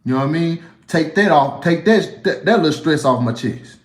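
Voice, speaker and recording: A man's voice: on the high side, lively intonation, normal speed, echoey room. A man with a Southern US accent answering viewer questions in a casual livestream, blunt and profane, rambling with frequent restarts.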